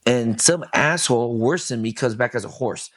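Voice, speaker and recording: A man's voice: medium pitch, normal speed, no echo. A man guesting on a podcast, telling an intense personal story with emphatic, profane speech. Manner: intense, emphatic, swears freely.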